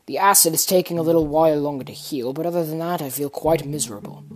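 A woman voicing a brooding Lucifer, hushed and low. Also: fast, lightly acted. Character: Lucifer, weary male ruler of hell.

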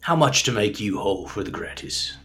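A man's voice: fairly low pitch, lively intonation, brisk, a bit bright. A man voicing a chummy, streetwise character in a tabletop game who coaxes people and calls them mate. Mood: bargaining. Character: smooth-talking streetwise adult man, chummy.

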